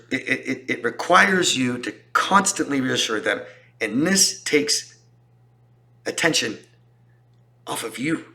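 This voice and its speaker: A man's voice: mid-range voice, bright, forceful tone. A man talking as a relationship coach in a casual explanatory style, emphatic and repeating points for stress. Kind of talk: casual explanatory talk to camera.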